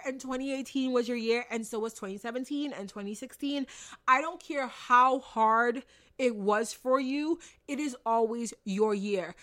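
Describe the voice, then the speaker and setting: A young woman giving an earnest, animated motivational talk, casual and repeating phrases for emphasis, swearing now and then. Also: a little high. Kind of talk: motivational monologue.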